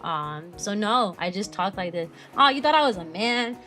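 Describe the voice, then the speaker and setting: Woman, young adult, VTuber streamer, casual chat, lots of "like", laughs a lot, bright tone, faint music behind. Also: medium pitch, expressive, normal speed. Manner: chatty, heavy use of "like", laughs often.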